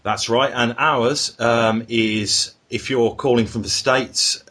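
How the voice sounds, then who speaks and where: A man hosts a casual podcast, swearing and joking as he reads out listener mail. His voice is husky and his pitch is in the mid range. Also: fairly even intonation, slow pace, sharp tone. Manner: irreverent and sweary, reading out emails. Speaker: podcast host.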